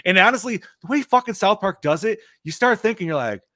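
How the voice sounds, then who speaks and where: A man's voice: sits high, a little fast, no room sound. A man in a casual podcast chat, telling a story with lots of swearing and "dude", acting out the characters' lines. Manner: animated storyteller, swears a lot, says dude. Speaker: podcast co-host.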